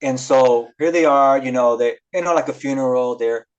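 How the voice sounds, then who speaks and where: Speaking at a normal speed in a mid-range voice, this man casually chats his way through Bible stories for a podcast. He reads scripture and paraphrases it loosely, acting out quotes and leaning on lots of fillers, all captured in dull audio.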